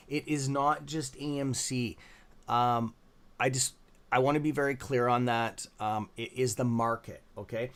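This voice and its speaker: Canadian male stream host, tired, rambling with ums and restarts, middle pitch. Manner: rambling, many fillers and restarts, reading chat names aloud. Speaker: livestream stock trading host. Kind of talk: casual live-stream commentary.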